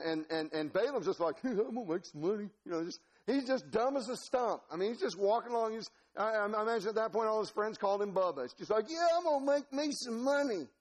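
A man preaching a sermon as pastor, telling a story in an animated, folksy way with laughter. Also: a little high.

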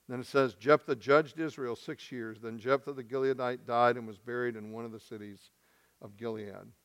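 A male pastor from Arkansas, speaking, delivers a sermon in a smooth, resonant voice. He acts out the voices in the story, rising to loud, high bursts and then dropping to a hush. His pitch sits in the middle of the male range.

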